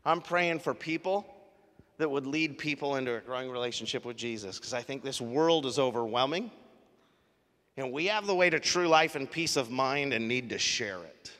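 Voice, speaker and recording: A man preaching a sermon as pastor, telling stories in a conversational, animated way. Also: mid-range voice, normal speed. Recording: live sermon in a reverberant hall.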